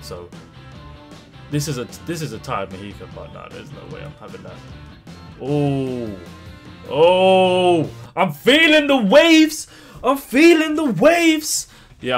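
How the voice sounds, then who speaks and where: A young man commentates on his gameplay in a chatty, slangy way. His voice sits at an ordinary middle pitch, and he is excitable, breaking into sudden loud outbursts. Faint music plays behind him. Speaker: gaming YouTuber.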